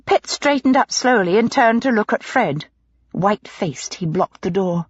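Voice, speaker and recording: Husky-voiced woman narrating a mystery. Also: medium pitch, lively intonation, normal speed, no room sound, muffled recording. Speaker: audiobook narrator. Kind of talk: scripted narration.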